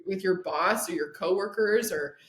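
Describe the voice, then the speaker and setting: A woman with a mid-range voice speaks at a normal speed in an echoey room. She's a podcast guest, an addiction and recovery coach, casually telling a story, acting out the dialogue and leaning heavily on "like."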